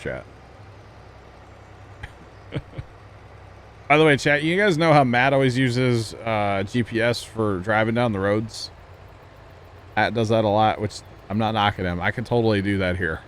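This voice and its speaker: Laid-back low-voiced male streamer. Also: a bit bright, a little hiss or hum. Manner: laid-back, chatty, talks to his chat and fellow players. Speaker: livestreamer. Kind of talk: casual gameplay live stream chat.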